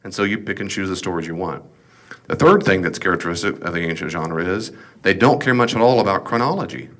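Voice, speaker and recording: A man's voice: low voice, fast, fairly bright tone. A man teaching a Bible study as pastor, talking emphatically and casually, full of rhetorical questions.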